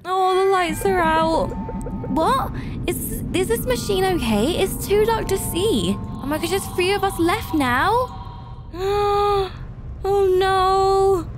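High-voiced jumpy woman gaming. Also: lively intonation, a little slow, over music. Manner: jumpy and easily frightened, gasping often. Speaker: gaming channel host. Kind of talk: let's play gameplay commentary.

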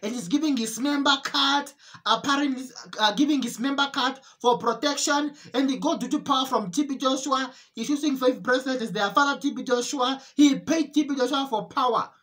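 Woman, religious testimony, earnest, repetitive, halting, high-pitched. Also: a bit bright. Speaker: testimony preacher.

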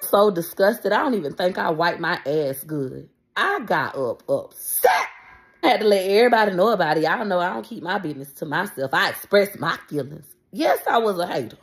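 A woman's voice: fairly low pitch, very animated, moderate pace, slightly rough. A woman content creator ranting in a casual vlog, talking straight to her followers, profane and repeating herself when upset. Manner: addresses her followers directly.

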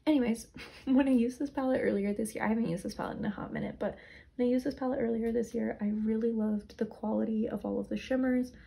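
A woman's voice: on the high side, steady tone, quick pace, gravelly, warm tone. A young woman casually reviewing products, chatty and rambling, sounding tired. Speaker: beauty vlogger.

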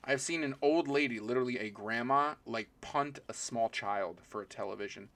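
A man with a medium-pitched, fairly bright voice speaks at a moderate pace while opening trading card packs on a live stream. Chatty and rambling, he calls out each card as it's pulled and talks to both viewers and people in the room.

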